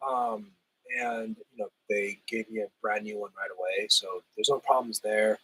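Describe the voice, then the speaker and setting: A man hosting a casual livestream, reading chat and answering viewers, his voice still rough as he recovers from a cold. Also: on the low side, lively intonation, normal speed, sharp tone, dry recording, low-quality recording. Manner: laid-back, chatty, laughs often, says "hell yeah".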